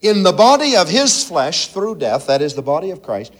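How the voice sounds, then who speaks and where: A man preaching a sermon to a congregation, swinging from loud emphatic lines to hushed, intimate asides. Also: sing-song, moderate pace. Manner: preaching with sweeping swings in pitch and loudness, drops to near-whisper asides. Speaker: pastor.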